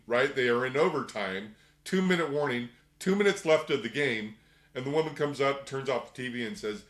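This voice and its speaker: A middle-aged man leads a workshop in an easygoing, conversational way. His voice sits at an ordinary middle pitch and carries a noticeable room echo. Now and then he slips into quick put-on voices to act out little scenes. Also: fairly bright tone. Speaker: workshop teacher. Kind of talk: casual spoken lecture. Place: room with a group.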